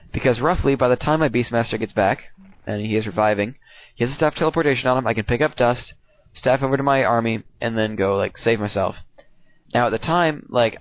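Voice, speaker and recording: A young man casually commenting on his own game replay, rambling, slangy and profane. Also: mid-range voice.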